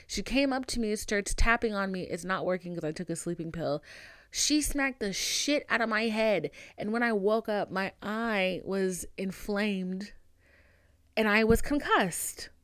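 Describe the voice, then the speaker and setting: A young woman hosting a podcast, telling a personal story in a brash, profane and dramatic way, with big swings in pitch and loudness. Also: lively intonation, a little slow, clear, resonant tone, dry recording, clean studio sound. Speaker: podcast host. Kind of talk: casual storytelling monologue.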